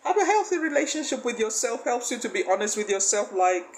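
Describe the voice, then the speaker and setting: A woman's voice: fairly high pitch, big pitch swings, quick pace, rough recording. A woman coach delivers a faith-based motivational talk with emphasis. She throws rhetorical questions at the listener and keeps laughing between her points. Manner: emphatic, often breaks into laughter. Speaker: life coach.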